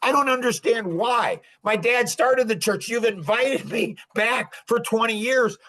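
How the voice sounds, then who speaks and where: A man's voice: extremely high pitch, expressive, a little slow, pushed and bright, low-quality recording. An older man as a podcast guest, talking with indignant emotion that rises and falls sharply, heard over a video call. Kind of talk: impassioned podcast talk.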